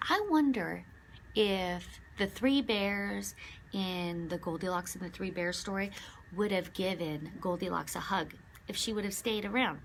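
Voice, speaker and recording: A woman, a children's librarian, reading a picture book aloud to children with lively expression and questions for her listeners. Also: mid-range voice, a little hiss or hum.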